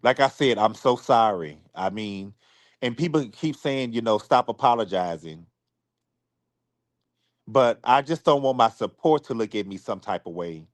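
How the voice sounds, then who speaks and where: A man on a live stream apologizing to his supporters. He is close to tears, speaks haltingly, and often repeats himself or restarts his sentences. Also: mid-range voice, lively intonation, no echo.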